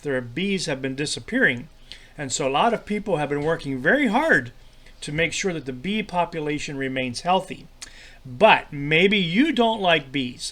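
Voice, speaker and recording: A man teaching a children's devotional lesson in a friendly, halting way, full of fillers and repeated words. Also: fairly high pitch, fairly bright tone.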